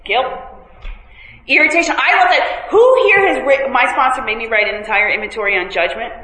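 A woman whose voice is on the high side and sharp in tone speaks a little fast as she tells a meeting group frankly about her recovery. She mocks herself, stumbles through fillers and restarts, and the hall around her echoes with faint noise.

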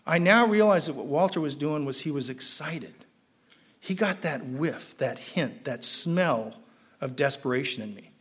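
A man with a slightly raised voice tells his own recovery story to a live audience. He is a trial lawyer, and he mocks himself as he talks. His voice climbs loud and high when he gets excited. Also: measured pace, husky. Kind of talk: personal story told to an audience. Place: talk before a live audience.

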